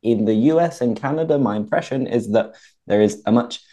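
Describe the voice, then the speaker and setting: A man from England who hosts a slow, clear chat for learners and asks prompting questions. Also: mid-range voice, mellow. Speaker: host, English teacher.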